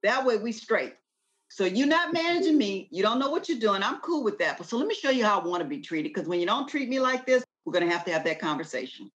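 Woman guest, emphatic preacher-like delivery, lively storyteller, mid-range voice. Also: mid-range voice, fast, muffled recording. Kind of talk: casual conversation.

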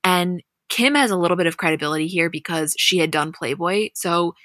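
A young woman co-hosting a podcast, casually recapping a reality show with chatty, animated storytelling. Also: on the low side, brisk, dry recording, clean studio sound.

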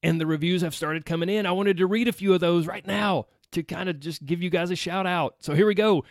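A man's voice: high-pitched, a little fast, dry recording, studio quality. A man with a Southern US accent hosting his own weight loss podcast, chatty and upbeat, talking straight to his listeners. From United States. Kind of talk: solo podcast monologue.

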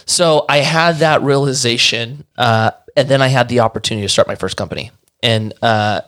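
A middle-aged man telling his story in casual talk, animated, often acting out what others said. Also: mid-range voice, moderate pace. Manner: animated, acts out quoted dialogue. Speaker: guest.

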